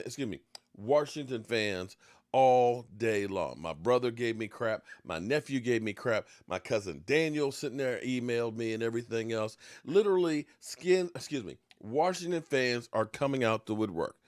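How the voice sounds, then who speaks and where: A man hosting a sports talk show, joking and ranting as he snacks on pie. His voice drops into low mutters, then jumps up in excited outbursts. The recording is dry and close. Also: normal speed, dry recording. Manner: eating pie while talking. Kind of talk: casual sports rant.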